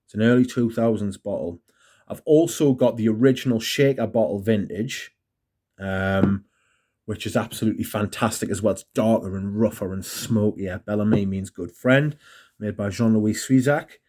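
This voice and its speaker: A man's voice: fairly low pitch, moderate pace, warm tone. Chatty man reviewing perfumes. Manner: chatty, rambling, self-mocking. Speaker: fragrance reviewer. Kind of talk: casual review monologue.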